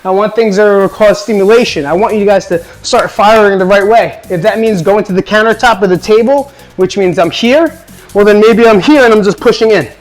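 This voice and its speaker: Male fitness coach, high voice, upbeat and joking. Home workout tutorial, faint music behind. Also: brisk, rough recording.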